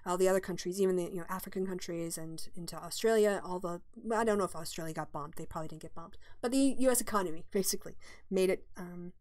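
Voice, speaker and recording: A woman's voice: lowish voice, fast, a little mellow. A middle-aged woman hosting a livestream, chatting casually and answering viewer questions, thinking aloud with many fillers and restarts. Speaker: livestream host.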